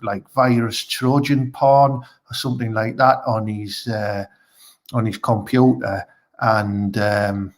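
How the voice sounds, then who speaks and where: Hosting a live online comedy show, this Teesside-accented man speaks in a mid-range voice, chatting crudely and casually in a rambling way and relying on "you know what I mean".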